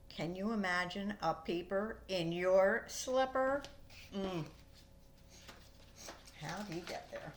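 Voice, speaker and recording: A woman, a preschool teacher, reading a picture book aloud to young children and pausing to ask them questions. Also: medium pitch. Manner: expressive, slow storytelling with questions to children.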